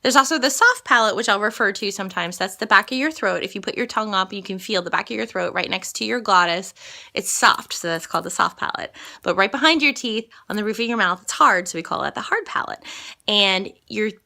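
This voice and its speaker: A classically trained woman teaching a singing lesson, explaining slowly and singing lines to demonstrate. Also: medium pitch, gravelly, sharp tone. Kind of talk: vocal lesson with sung examples.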